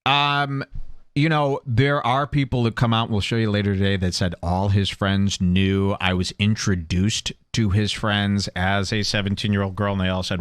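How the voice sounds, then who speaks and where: A man's voice: medium pitch, animated, moderate pace, fairly bright tone, dry recording, studio quality. A man hosting a comedy podcast, giving sarcastic, mocking commentary on a video clip. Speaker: podcast host.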